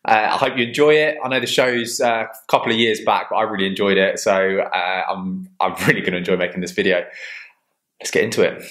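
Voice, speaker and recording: A young man talks straight to the camera in a relaxed, chatty way. He pauses on fillers and restarts now and then, and his voice sits slightly low. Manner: chatty, a little hesitant with fillers. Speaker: impressionist YouTuber. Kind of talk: casual video intro.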